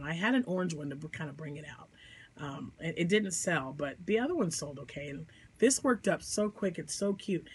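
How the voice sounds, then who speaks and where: A woman's voice: low-pitched, breathy edge. A woman hosting a crochet vlog from home, chatty and enthusiastic, rambling about her projects with a Midwestern American accent. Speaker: crochet podcast host. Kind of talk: casual chat. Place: home room.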